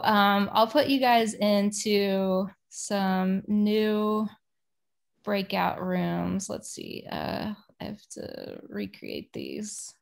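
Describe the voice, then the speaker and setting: A woman who leads children's ministry, chatting casually and telling a personal story on a video call, with lots of fillers. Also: medium pitch. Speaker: children's ministry leader leading a workshop. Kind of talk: casual workshop facilitation. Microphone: computer mic on a video call.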